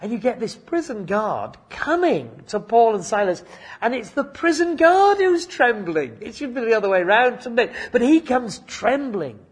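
A man's voice: very high voice, very animated, moderate pace, husky. An older man preaching a sermon in a chatty, anecdotal way, full of asides and self-corrections.

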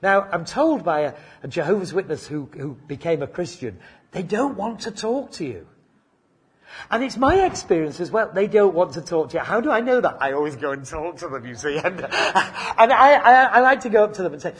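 A man's voice: on the high side, very animated, brisk, husky. An older man preaching a sermon in a chatty, anecdotal way, full of asides and self-corrections.

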